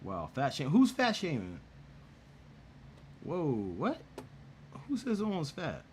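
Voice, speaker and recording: A man's voice: fairly high pitch, wildly swooping pitch, slow pace, a little hiss or hum. A man hosting a casual gaming chat, talking in slang, teasing people and laughing often. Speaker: gaming channel host.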